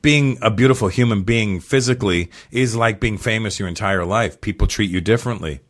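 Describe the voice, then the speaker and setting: A middle-aged comedian from Canada, telling profane stories in a casual chat and acting out what people said. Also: male voice, on the low side. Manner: fast, profane storytelling with acted-out quotes. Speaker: comedian guest.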